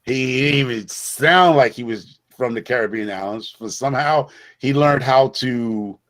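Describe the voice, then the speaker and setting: A middle-aged man from the Bronx talks in a casual chat. His pitch sits in an ordinary male middle range. He builds his points emphatically, doubling back and repeating phrases as he goes. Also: measured pace, fairly bright tone. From the Bronx, New York. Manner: emphatic, repetitive storyteller with frequent restarts. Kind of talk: casual conversation.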